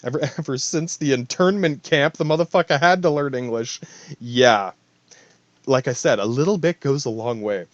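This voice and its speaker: A man's voice: medium pitch, normal speed, dry recording, highs cut off. A man hosting a podcast alone, rambling in a profane, stream-of-thought monologue full of asides. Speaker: podcast host.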